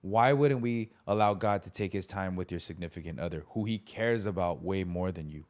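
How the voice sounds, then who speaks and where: Male guest, lowish voice, casual faith talk, animated storyteller who does quick voices. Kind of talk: casual conversation.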